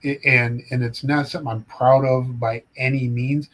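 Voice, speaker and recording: A middle-aged man from Ohio, a forensic psychologist, telling stories in a casual, animated way with dark humor. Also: mid-range voice, normal speed, rough recording. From Ohio, United States. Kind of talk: casual storytelling chat.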